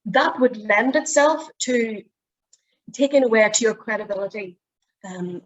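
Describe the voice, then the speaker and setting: A woman's voice: on the high side, dull audio. A middle-aged woman with a Northern Irish accent, running a presentation skills workshop in a chatty, explaining way. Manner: chatty, explains with demonstrations of voice habits. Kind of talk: online workshop teaching.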